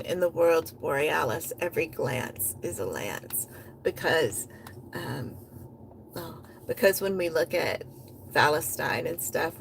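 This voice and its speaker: A woman hosting a poetry reading, reading poems in a rhythmic, chant-like way and talking about them with hesitant pauses and restarts. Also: sits low, gravelly, a little hiss or hum, poor audio. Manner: hesitant fillers and restarts in her chat, rhythmic chant-like recital.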